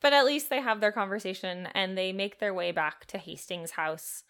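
Woman, podcast co-host, bright clear tone, chatty book recap, reads passages aloud. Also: medium pitch, normal speed. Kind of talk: casual book discussion podcast.

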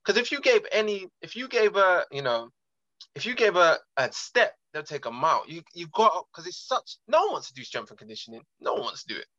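A man's voice: sits high, sing-song, a little fast, sharp tone, dry recording. A male host asking eager, curious questions in a casual interview. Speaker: podcast host. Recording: dull, dry lo-fi sound.

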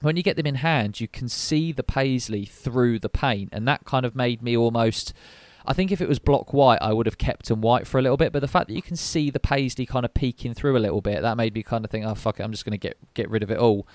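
A man co-hosting a podcast, explaining in relaxed detail with frequent hesitations. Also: mid-range voice, a little fast, hardly any pauses, no room sound. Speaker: podcast co-host. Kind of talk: casual sneaker chat.

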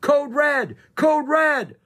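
A storybook reader voicing an adult man shouting urgent alerts over a radio. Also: high-pitched, sing-song, drawn-out words, pitched above the performer's own voice, heavily acted.

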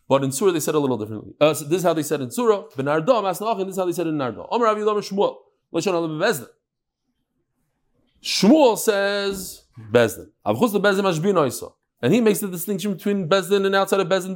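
Animated high-voiced man teaching Talmud. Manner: mixes Hebrew and Aramaic terms with English explanations; animated, jumping pitch and pace. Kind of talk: daily Talmud class.

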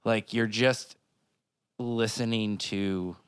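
A man's voice: on the low side, steady tone, takes it slowly, clear, resonant tone, no room sound, clean studio sound. A man co-hosting a podcast in casual chat, rambling with many filler words. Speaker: podcast co-host.

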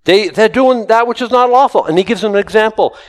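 A man's voice: high-pitched, fast talker, long reverb tail, rough recording. A man preaching a sermon, telling stories animatedly with acted-out quotes. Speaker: pastor.

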